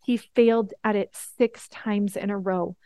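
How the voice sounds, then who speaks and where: A woman in her thirties hosting a motivational podcast, earnest and emphatic, slowing down on the words that matter. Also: medium pitch, fairly even intonation, mellow, smooth, no echo. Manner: earnest, emphatic, slows down for key points. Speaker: podcast host.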